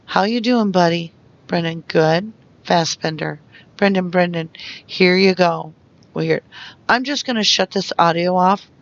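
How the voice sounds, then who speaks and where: A reader going through investigation transcripts aloud, naming each speaker and stage note in a flat way. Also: medium pitch, measured pace, lo-fi sound. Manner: reads out speaker labels and stage notes flatly.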